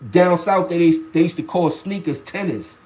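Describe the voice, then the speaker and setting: A man's voice: high voice, moderate pace, darkish tone. A man in his forties with a New York accent, chatting casually with viewers and telling rambling stories full of restarts and slang. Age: 40s. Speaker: live stream host reading chat. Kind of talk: casual live chat.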